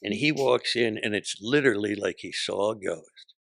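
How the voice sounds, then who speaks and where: Older comic guy telling stories, kinda low and gravelly, swears a lot, does little voices, dead dry sound. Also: moderate pace, fairly bright tone, no room sound. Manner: punchy, profane, acts out voices in his stories. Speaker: guest comedian. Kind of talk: anecdotal interview storytelling.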